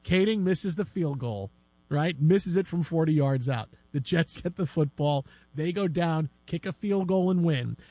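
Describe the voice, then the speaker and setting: A man's voice: on the high side, a little slow, no room sound. A man hosting sports radio, telling a story with lots of energy and acting out the people in it. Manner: animated storyteller, acts out shouting fans. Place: radio studio. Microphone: studio microphone.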